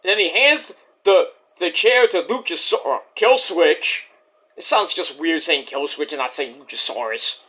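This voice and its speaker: A man with a high, bright, forceful voice rambles through a wrestling recap. His pitch swings widely as he jumps between retelling and crude side comments. It has the loose, unscripted feel of a casual vlog. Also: moderate pace. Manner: animated, rambling, profane asides. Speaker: wrestling show reviewer.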